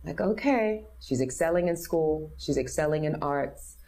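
A woman's voice: deep voice, lively intonation, normal speed, vocal fry, darkish tone. A woman in her fifties from New City, telling her personal story openly and earnestly as an interview guest. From New York City. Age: 50s. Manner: earnest, open, acts out others' voices in quotes.

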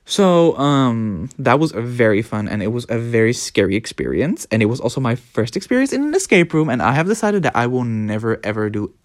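A young adult podcast host telling a story in a casual monologue, animated, profane and often laughing. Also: medium pitch, a little fast, few pauses, dry recording, clean studio sound.

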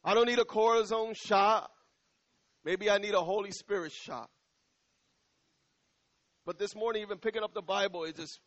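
A middle-aged male pastor preaching to his church in a loose, conversational way, drawing out key lines slowly and repeating them. His voice sits high for a man. The recording sounds muffled and lo-fi. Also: fairly bright tone. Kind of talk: sermon.

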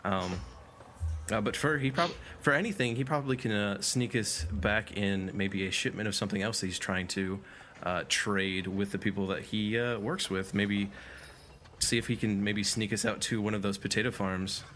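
A man taking part in a tabletop game, working through his plan aloud and changing course mid-thought. His voice is on the low side. A faint hiss lies beneath the recording. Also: fairly even intonation, moderate pace, fairly bright tone. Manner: thinking aloud, self-correcting. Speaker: player. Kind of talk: casual tabletop play.

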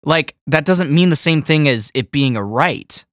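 A man co-hosting a podcast in a casual, excitable, teasing way. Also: a little high, measured pace, no echo, clean studio sound. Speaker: podcast co-host.

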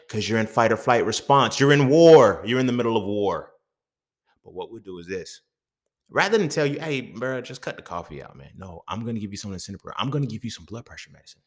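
A man hosting a podcast, talking in a casual, profane monologue full of rhetorical questions. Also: low-pitched. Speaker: podcast host.

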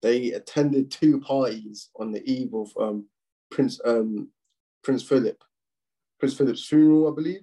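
Slangy young man, husky and dark. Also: medium pitch, measured pace, rough recording. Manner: slangy, swearing, animated rants. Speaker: podcast co-host. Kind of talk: casual chat.

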